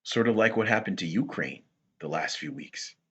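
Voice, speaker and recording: A man hosting rambling political commentary, talking in a rhetorical, animated way. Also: on the low side, moderate pace, slightly rough, lo-fi sound. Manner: animated, rhetorical, laughs at his own points.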